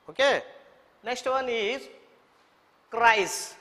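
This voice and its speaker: A man's voice: extremely high pitch, expressive, slow pace, pauses often, pushed and bright. A man with an Indian English accent teaching a children's English lesson, repeating words and spelling them letter by letter. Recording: echoey room reverb.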